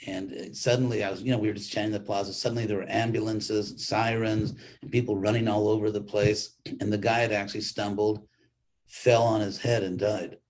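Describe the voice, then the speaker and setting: A man's voice: fairly low pitch, little pitch movement, a little fast, a little mellow. An older man teaching a live spiritual class, talking informally with restarts and wry humor as he tells a story. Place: online class stream.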